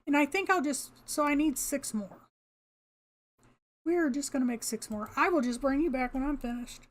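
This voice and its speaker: An older woman gamer with a high-pitched voice talks casually to herself at a moderate pace while playing a video game. She laughs a lot and mildly curses at the game's creatures.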